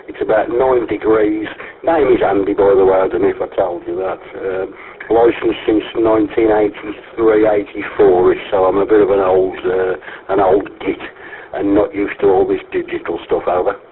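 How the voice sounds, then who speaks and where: A man's voice: deep voice, steady tone, normal speed. An older man from England with a Brummie accent, calling in to a radio net in a wry, joking, self-mocking way. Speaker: radio caller. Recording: tinny radio transmission with faint hiss.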